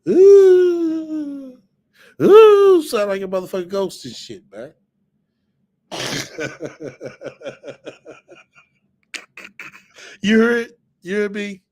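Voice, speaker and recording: A man hosts a reaction stream in loose, profane commentary. His pitch leaps all over the place, and he talks at a slow, drawn-out pace. He keeps breaking into exclamations. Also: very animated, highs cut off. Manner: swearing, laughing, exclaiming. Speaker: reaction show host.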